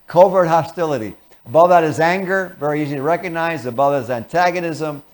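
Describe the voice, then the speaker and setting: A man's voice: on the high side, brisk. A man hosting a talk show, explaining ideas and acting out short example conversations in different voices. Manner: explains with acted-out example dialogues. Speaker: show host.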